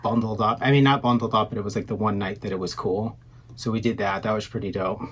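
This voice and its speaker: A man's voice: lowish voice, steady tone, fast, a bit bright, slightly rough. A man in his thirties co-hosting a casual podcast, rambling and self-deprecating, often trailing off mid-sentence. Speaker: podcast co-host. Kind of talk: casual chat.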